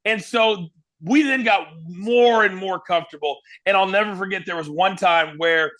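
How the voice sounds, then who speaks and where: A man from Kansas, a former wrestling broadcaster, telling animated stories as an interview guest. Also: high voice, moderate pace. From Kansas, USA. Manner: lively, animated storyteller. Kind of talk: storytelling interview.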